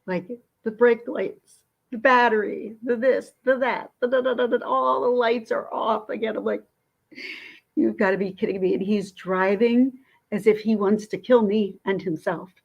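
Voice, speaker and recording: A woman vlogger telling a story in a casual, indignant and animated way. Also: on the high side, vocal fry, dull audio. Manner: indignant, animated, quick talk.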